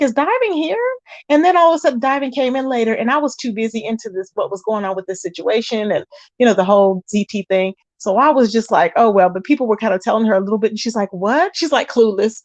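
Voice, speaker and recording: A woman's voice: fairly high pitch, quick pace, dry recording. A woman hosting a casual livestream, chatting with viewers and calling them child and babe. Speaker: livestream host.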